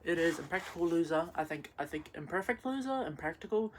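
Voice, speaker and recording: A woman's voice: on the low side, animated, fairly quick, slight background noise. A young woman, drunk, rambling through a messy personal rant with many restarts and stumbles. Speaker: vlogger.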